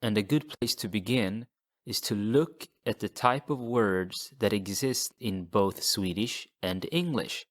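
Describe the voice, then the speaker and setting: Slow, patient male language teacher. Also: lowish voice. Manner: patient, repeats model words slowly for learners. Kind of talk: slow, deliberate language lesson.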